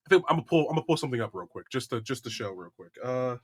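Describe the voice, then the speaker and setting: A man co-hosting a gaming podcast in casual chat, excitable, jumping in with facts and lots of fillers. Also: mid-range voice, very fast. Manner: excitable, interrupts with trivia, many fillers. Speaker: podcast co-host.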